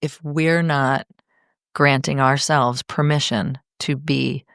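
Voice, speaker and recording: A middle-aged woman talking as a podcast guest in a heartfelt, expressive, emphatic way. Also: extremely low pitch, slow pace, vocal fry, dry recording, clean studio sound. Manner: expressive, emphatic, speeds up when enthused. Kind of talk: heartfelt conversation.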